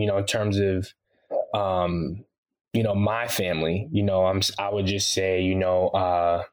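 A man talking loosely as an interview guest, relaxed and slangy, with lots of "you know" fillers. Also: fairly low pitch. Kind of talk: casual interview chat.

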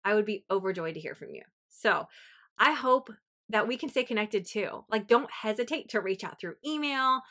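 A woman's voice: medium pitch, animated, normal speed, sharp tone. A woman in her thirties hosting a faith podcast, talking in an earnest, chatty way with lots of "like.". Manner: earnest, chatty, uses 'like' a lot. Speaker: podcast host. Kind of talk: heartfelt faith podcast talk.

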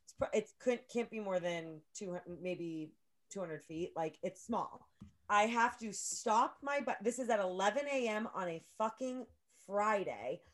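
A young woman co-hosting a podcast, telling a story in a loose, animated and profane way, full of filler words. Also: mid-range voice, unhurried. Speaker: podcast co-host. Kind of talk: casual chat, storytelling.

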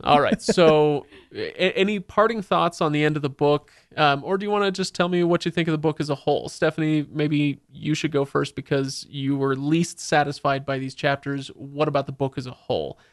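A man's voice: a little high, fairly even intonation, normal speed, few pauses, dry recording, studio quality. A man hosting a podcast, chatting casually and eagerly sharing book trivia. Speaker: podcast host.

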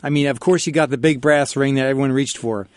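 A man's voice: mid-range voice, fairly even intonation, fast talker, no room sound. A male radio host interviewing a guest in a friendly, joking way. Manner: friendly, jokey questions.

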